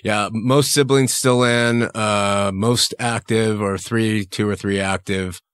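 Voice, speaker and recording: Middle aged guy, frank and easygoing, lowish voice, dry studio. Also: takes it slowly, smooth, dry recording. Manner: frank, relaxed. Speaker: guest. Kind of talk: casual interview talk.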